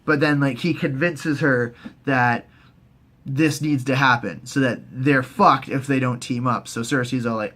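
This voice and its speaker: A man casually recapping a TV season in a rambling, profane way, often jumping into squeaky put-on voices for the characters. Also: fairly even intonation, unhurried, a bit bright. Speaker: host.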